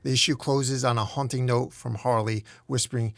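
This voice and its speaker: A man's voice: medium pitch, steady tone, moderate pace, creaky, hardly any pauses, no room sound. A man hosting a comic recap, telling the story in a dramatic way. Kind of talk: comic book recap narration.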